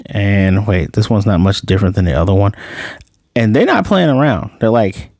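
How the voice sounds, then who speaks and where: A man walks through an anime episode in a loose, chatty review, with a voice that sits a little low. He retells scenes in an animated way, leaning on "like" and stumbling into restarts. The sound is dry and close, with no room around it. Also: moderate pace, vocal fry, no room sound.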